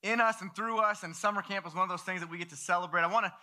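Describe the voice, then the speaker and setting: A man in his thirties preaching, telling a story in an animated way and acting out the voices of the people in it. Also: high-pitched, racing. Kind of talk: sermon storytelling.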